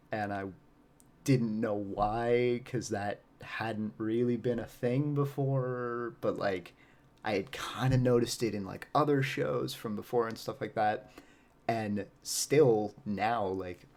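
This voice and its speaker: A man's voice: fairly low pitch, vocal fry. A man who acts on stage, guesting on a podcast and chatting casually in a rambling, reflective way with plenty of fillers and laughs.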